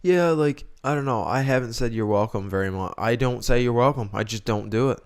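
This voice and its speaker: A man's voice: medium pitch, a little fast. A young man co-hosting a podcast, chatting casually and opinionated, acting out the lines he quotes. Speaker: podcast co-host. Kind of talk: casual chat.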